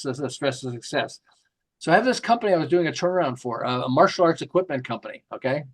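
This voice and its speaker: A middle-aged man, a marketing author, telling lively stories in an interview and acting out the quotes. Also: on the high side. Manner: lively, jokey, acts out quotes with laughs. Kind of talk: animated storytelling interview.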